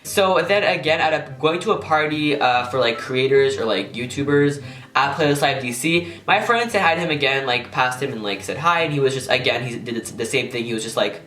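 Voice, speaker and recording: A man's voice: medium pitch, fairly quick, pushed and bright. A young man telling a casual storytime vlog, rambling and swearing, with "like" in almost every phrase. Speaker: YouTuber. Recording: echoey room.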